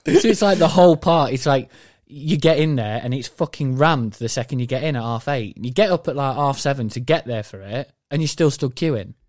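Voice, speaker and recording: A man chats casually as a podcast co-host. He tells his stories with animation and swears freely. His mid-pitched voice sits dry and close to the mic. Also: a little fast, hardly any pauses, darkish tone, no room sound. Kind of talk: casual chat.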